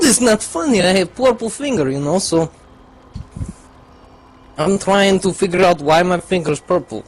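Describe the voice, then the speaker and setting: A man doing a put-on Russian accent as a crude young storyteller, telling a rambling comic tale in broken English with lots of swearing. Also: fairly high pitch. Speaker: gaming group regular.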